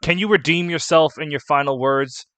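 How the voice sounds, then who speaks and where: A man voicing a haughty, spoiled young princess in a game read-along, speaking higher and louder than his own voice. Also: normal speed, dry recording. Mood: petulant.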